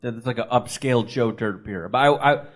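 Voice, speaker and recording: A man with a mid-pitched voice co-hosting a casual sports podcast. He stays low-key and answers in short replies through the banter. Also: fairly quick. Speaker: podcast co-host.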